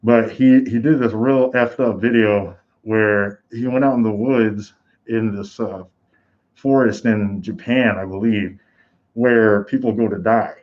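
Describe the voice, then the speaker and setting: A man's voice: on the low side, fairly even intonation, a little slow, muffled recording. A man hosting a live combat sports reaction stream, talking in a casual, rambling way with lots of fillers. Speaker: host.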